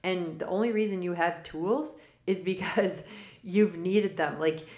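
A woman's voice: on the low side, unhurried, a little mellow. A woman hosting a spiritual forecast podcast, talking casually and rambling off on tangents with frequent laughs. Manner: rambling and digressive; laughs often mid-sentence. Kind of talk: casual spoken monologue. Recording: roomy echo.

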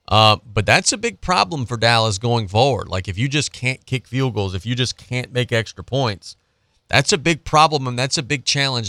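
A man's voice: medium pitch, sharp tone, no echo, clean studio sound. A man hosting a sports talk show, ranting about football with a sarcastic, casual delivery.

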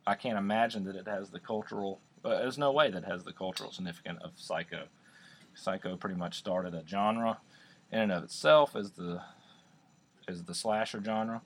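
A man's voice: lowish voice, moderate pace. A man co-hosting a casual podcast, rambling and joking over a beer with frequent restarts. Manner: rambling, jokey, restarts often. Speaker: podcast co-host. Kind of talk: casual chat.

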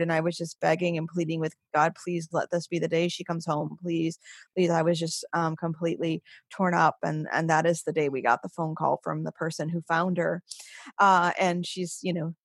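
Halting, laughing woman guest in an interview. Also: lowish voice, no echo, clean studio sound. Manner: halting, many restarts and soft laughs. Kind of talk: conversational interview.

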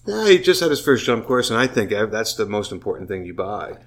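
A man's voice: fairly low pitch, big pitch swings, fairly quick. A man chatting casually, tipsy and profane, rambling with restarts. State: drunk. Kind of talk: casual chat.

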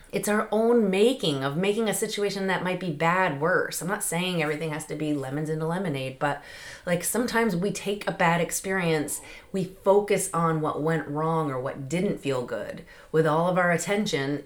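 A woman hosting a podcast, talking through a casual motivational monologue into a close mic, chatty and laughing often. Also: on the low side. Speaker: podcast host.

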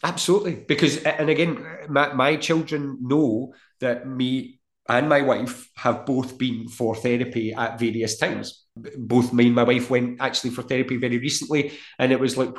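A man's voice: medium pitch, steady tone, moderate pace. A middle-aged man, speaking as a podcast guest. He talks earnestly and explains with everyday comparisons. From Scotland. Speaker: guest, mental health practitioner. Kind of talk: casual podcast conversation. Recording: echoey room.

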